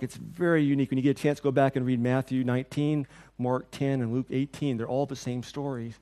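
A middle-aged male pastor preaching in a loose, conversational way, his voice sitting a little higher than most men's. He is animated, acting out the people he quotes, then turns quiet and soft when the passage becomes tender. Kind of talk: sermon.

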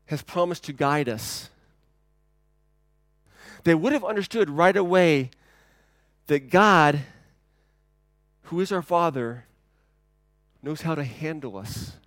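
Man, pastor, sermon, slightly high voice, dry sound, loud then hushed. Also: no echo. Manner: conversational and dynamic, swinging from loud to hushed.

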